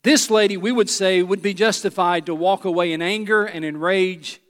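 A man's voice: sits high, fairly even intonation, moderate pace, long reverb tail. A male pastor preaching a sermon in a church, earnest and emphatic, turning to the congregation with asides.

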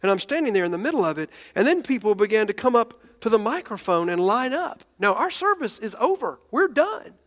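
A man's voice: high voice, sing-song, a little fast, hardly any pauses, fairly bright tone, in a large hall. A man, a pastor, telling a story in a sermon, earnest, with restarts and quoted voices.

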